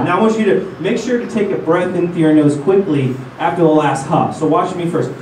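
A man's voice: fairly high pitch, brisk, hardly any pauses, darkish tone, a little hiss or hum. A man teaching a lesson, coaching the class and having them repeat sounds after him. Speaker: didgeridoo teacher. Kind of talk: instructional lesson. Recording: roomy sound, mic at a distance.

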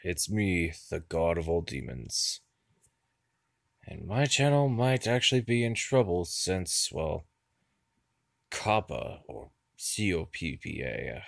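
Male YouTuber, casual vlog; low rough voice, dry close sound, sighs and stalls between phrases. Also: dry recording. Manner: halting and weary, with sighs and fillers.

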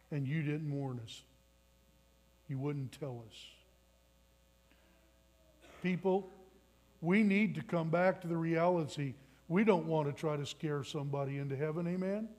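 A man's voice: fairly high pitch, a little mellow. A man in his twenties preaching a sermon in a church, telling a personal story earnestly and building to emphatic appeals. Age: 20s. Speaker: pastor. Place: church sanctuary.

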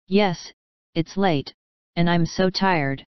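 Heartsick young woman, read by the narrator; weary, plain delivery, smooth tone, dry dull recording. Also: fairly low pitch, slow pace, dry recording. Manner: plain, weary, tearful speech. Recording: dull, dry studio audio.

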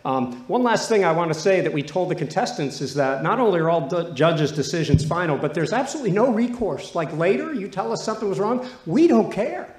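A man's voice: high-pitched, big pitch swings, a little fast, hardly any pauses, a little mellow. A man hosting a live trivia game in a hall, joking and loose with the contestants. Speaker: trivia show host. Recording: echoey hall.

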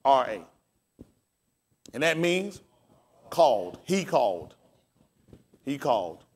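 A man's voice: fairly high pitch, a bit bright. A man pastor preaching and teaching scripture, calling out questions to his congregation and spelling words aloud.

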